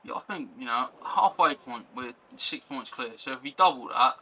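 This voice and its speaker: A man's voice: medium pitch, lively intonation, moderate pace, pushed and bright, poor audio. A young man chatting casually on a live stream, rambling and reacting to chat and gameplay.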